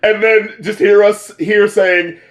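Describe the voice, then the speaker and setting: A man co-hosting a casual album reaction talk, excitable and swearing, often laughing and speaking straight to the listener. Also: high voice, slow pace. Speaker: co-host reviewing albums.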